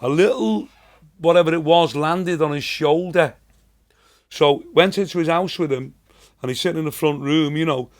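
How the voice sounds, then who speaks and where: A man in his sixties with a Liverpool accent spins rambling, chatty anecdotes. His voice sits a touch higher than most men's, and he tells his stories like a seasoned comedian. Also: moderate pace. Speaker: comedian guest. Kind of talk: casual storytelling.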